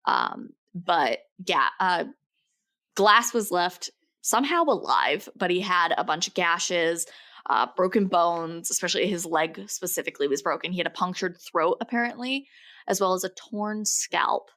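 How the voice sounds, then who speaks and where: A woman's voice: on the low side, animated, unhurried, bright, forceful tone. A young woman co-hosting a podcast, telling a story in a loose, jokey way and laughing often. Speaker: podcast co-host. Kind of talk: casual storytelling chat.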